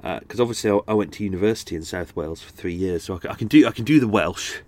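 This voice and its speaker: A lower-pitched man talks into a close microphone, and the sound is dry with no room echo. He rambles casually through his podcast with plenty of asides and restarts. A slightly blocked nose colours his voice. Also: racing, darkish tone. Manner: chatty and meandering, frequent restarts and asides. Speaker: podcast host. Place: on a houseboat. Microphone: studio microphone close up.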